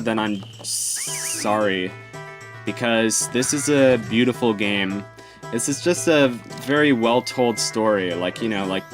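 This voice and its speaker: A young man hosting a let's play, rambling in casual gameplay commentary with plenty of ums and self-deprecating asides. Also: on the low side. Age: young adult.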